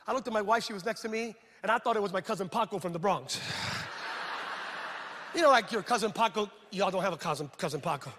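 A man's voice: high-pitched, fast talker, bright, forceful tone. A middle-aged man, a pastor, telling a humorous story in a sermon and acting out the dialogue. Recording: reverberant hall sound.

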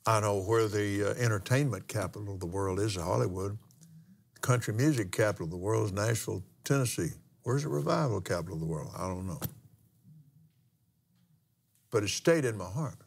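An older man with a drawl tells a story in an unhurried, folksy way, often pausing and starting his sentences over. His voice sits low and has a gravelly rasp to it. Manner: folksy, drawn-out storytelling with pauses and restarts. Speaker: minister and pilot. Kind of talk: storytelling testimony in a broadcast talk.

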